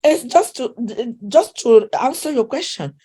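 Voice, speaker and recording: In an interview conversation, a middle-aged woman who works as a relationship coach talks with a non-native English accent. Her high, expressive voice is warm and slightly rough, and at a measured pace she comes across earnest and emphatic, often repeating points and groping for words.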